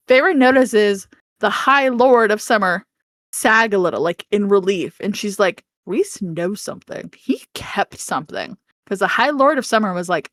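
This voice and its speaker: A woman's voice: mid-range voice, dry recording. Chatty woman recapping a book, dry sound. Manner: animated storytelling, laughing, playful swearing. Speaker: podcast co-host.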